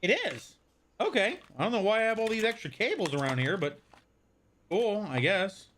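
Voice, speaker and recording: A man's voice: sits high, very animated, normal speed, fairly bright tone. A young man chatting casually on a live stream, rambling and answering viewers from chat as he goes.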